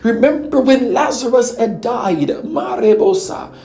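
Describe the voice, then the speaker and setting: A woman preaching a fervent sermon, repeating phrases and filling pauses with "praise God.". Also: on the high side, mellow.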